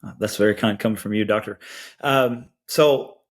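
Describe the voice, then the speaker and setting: Man telling lively anecdotes. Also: on the low side, normal speed. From Georgia, US. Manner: lively anecdotes with acted quotes. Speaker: podcast guest, band educator. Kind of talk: storytelling interview chat.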